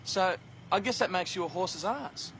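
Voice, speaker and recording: A man's voice: high-pitched, normal speed, background noise. An actor playing a cocky, mocking Australian man in a TV drama. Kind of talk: TV drama acting.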